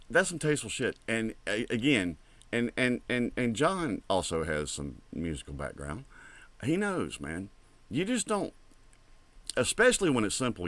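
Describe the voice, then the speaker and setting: A man's voice: medium pitch, fairly bright tone, no echo. A man hosting a music reaction show, talking casually and rambling with frequent swearing as he comments on a track.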